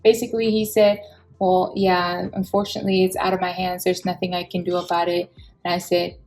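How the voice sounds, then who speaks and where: A woman, telling a personal story in an expressive, heated vlog style and acting out the people she quotes. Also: fairly low pitch, fairly quick, rough recording.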